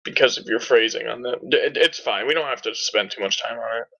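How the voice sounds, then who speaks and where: A man's voice: medium pitch, fairly quick, bright, forceful tone, dull audio. A man playing a tabletop game over voice chat, joking with the game master in a wry way. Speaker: player. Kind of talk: casual tabletop play.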